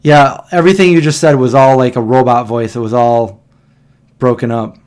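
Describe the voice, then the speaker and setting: A man's voice: mid-range voice, steady tone, moderate pace, darkish tone, clean tone. A man hosting a casual livestream, chatting and reacting to old videos in a rambling way. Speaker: livestream host.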